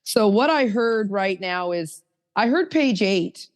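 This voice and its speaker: A woman's voice: mid-range voice, expressive, slow pace. A middle-aged woman hosting a podcast, frank and chatty, speaking in loose fragments. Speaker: podcast host. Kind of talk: casual conversation.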